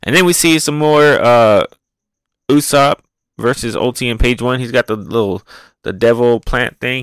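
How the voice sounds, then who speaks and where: A man hosting a casual, excitable, rambling review show, often repeating words as he talks. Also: mid-range voice, normal speed, smooth, no room sound. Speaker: podcast host reviewing manga. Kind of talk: casual chat.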